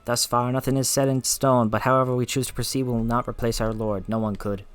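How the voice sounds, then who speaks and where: A man voicing an earnest, devoted woman guard captain with an attempted Scottish accent. She speaks in formal, old-fashioned phrasing, steady and mid-pitched, like video game dialogue read aloud. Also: a little fast, clean tone, natural voice.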